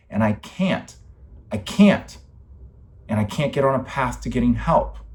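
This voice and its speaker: Young guy ranting alone on his vlog, lowish voice, emphatic and rambling, swears a lot. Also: darkish tone. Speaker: vlogger. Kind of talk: impassioned personal monologue.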